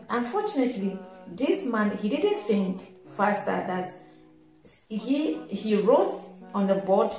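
Woman, calm casual storytelling, halting restarts, roomy echo, faint music behind. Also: medium pitch. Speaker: vlogger telling a personal story. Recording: echoey room with faint music.

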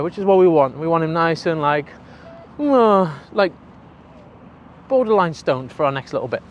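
High-voiced dog trainer, energetic. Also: male voice, slight background noise. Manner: energetic, chatty, swears casually. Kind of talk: casual training explanation.

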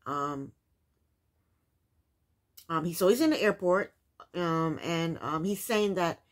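A woman's voice: lowish voice, darkish tone. A woman casually recapping a reality TV episode, with incredulous, opinionated commentary and rhetorical questions.

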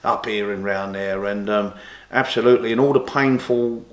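A man's voice: fairly low pitch, fairly even intonation, moderate pace, echoey room. A man, an interview guest telling long rambling stories with many restarts, livening up when he quotes others. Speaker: interview guest, former boxer and golfer. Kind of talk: casual storytelling interview.

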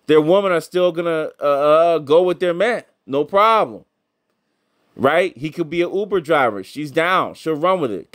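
A man's voice: fairly high pitch, a bit bright. A middle-aged man giving blunt, heated, profane commentary, often repeating himself. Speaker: commentator reacting to clips.

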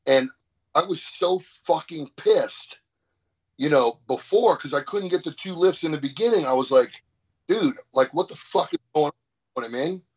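A man guest in a casual interview, telling an animated, profane story about powerlifting. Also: on the high side, moderate pace, husky. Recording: dull lo-fi sound.

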